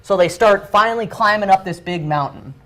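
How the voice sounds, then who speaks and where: A man's voice: high voice, brisk, fairly bright tone. Male trainer, freestyle storytelling, chatty, lots of ums and restarts, training room. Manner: loose and chatty, many fillers and restarts.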